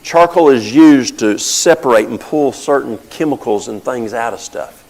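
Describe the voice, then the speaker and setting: Gravelly older man teaching. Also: medium pitch, animated, normal speed, a little mellow, rough recording. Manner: homespun, storytelling, explains with plain examples. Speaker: health talk presenter. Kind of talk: folksy teaching talk with anecdotes.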